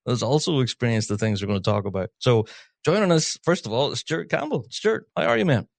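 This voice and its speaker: A talkative man leads a casual podcast chat, laughing easily between quick asides. His voice sits in the middle range and is recorded close and dry, with no room sound. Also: medium pitch, expressive, vocal fry, no room sound. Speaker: podcast host.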